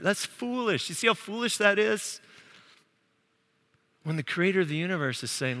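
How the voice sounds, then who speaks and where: A man preaching a sermon as pastor, animated and acting out quoted voices. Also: high voice, normal speed, long pauses. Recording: long hall reverb.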